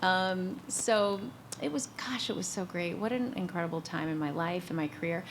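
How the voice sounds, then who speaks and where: A middle-aged woman talks in a chatty, enthusiastic way, often poking fun at herself. Her pitch sits in a middle range. A faint hum of room noise runs underneath her voice. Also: fairly even intonation, moderate pace. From Georgia, US. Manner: chatty, enthusiastic, self-deprecating. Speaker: guest actor on a convention panel. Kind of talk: casual panel chat.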